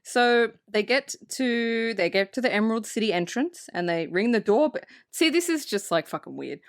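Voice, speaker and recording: A woman co-hosting a movie podcast, recapping the film in casual, profane, animated chat and acting out bits of the characters. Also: on the high side, normal speed, no echo, studio quality. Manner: animated, swears freely, acts out characters. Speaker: podcast co-host.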